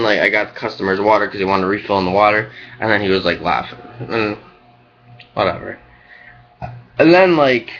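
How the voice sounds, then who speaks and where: A man's voice: mid-range voice, a bit bright, slight background noise. A young man who works as a cook, venting to his webcam in a rambling, frustrated way, full of "like" and "you know". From United States. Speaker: restaurant cook. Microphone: webcam mic. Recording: dull lo-fi webcam audio.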